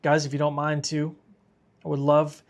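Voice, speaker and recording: A man's voice: on the high side, completely flat delivery, moderate pace. A man hosting a live severe weather stream, tired and sick, talking casually and reading viewer comments aloud. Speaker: weather livestream host.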